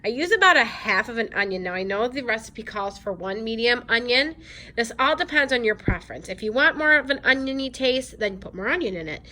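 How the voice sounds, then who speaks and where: Chatty bright-voiced woman in a kitchen. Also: on the high side, animated, brisk. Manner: chatty, upbeat, talks straight to the viewers. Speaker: lifestyle vlogger. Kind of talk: casual cooking vlog. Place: home kitchen.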